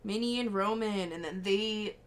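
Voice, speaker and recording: A young woman co-hosting a podcast, casually recapping a film in an animated way, acting out the characters' lines and swearing freely. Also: mid-range voice, moderate pace, a loud crowd. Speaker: podcast co-host.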